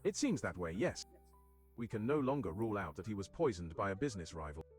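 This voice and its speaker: A man's synthetic voice playing a stern older businessman who talks in an indignant, brisk way. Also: fairly low pitch, very animated, darkish tone, breathy edge, faint music behind.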